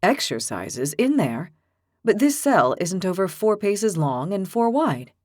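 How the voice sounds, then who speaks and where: A woman voicing a calm, philosophical young man with an ox's head, who speaks patiently and reasons things out. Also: mid-range voice, a little slow, no echo, studio quality. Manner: patient, reasoning, gently teasing.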